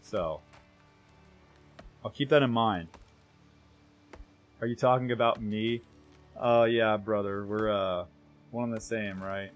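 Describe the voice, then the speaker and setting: A young man with an American accent talks casually to his stream chat while playing. His voice sits a little low, and his sentences ramble, restart and trail off quietly. Faint music plays underneath. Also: takes it slowly, pauses often, dull audio. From United States. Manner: rambling, self-correcting, trails off softly.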